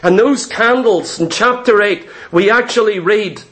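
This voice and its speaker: A man's voice: sits high, unhurried, fairly bright tone. A man preaching a sermon, emphatic, repeating his phrases and firing rhetorical questions at the congregation.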